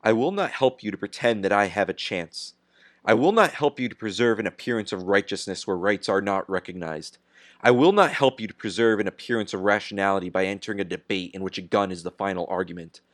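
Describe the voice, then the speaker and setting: A man reading the part of a defiant industrialist on trial, speaking gravely and firmly. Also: lowish voice, fairly bright tone, no echo, studio quality, lightly acted. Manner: grave, measured and firm. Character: defiant steel industrialist on trial, calm and unyielding. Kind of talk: audiobook character reading.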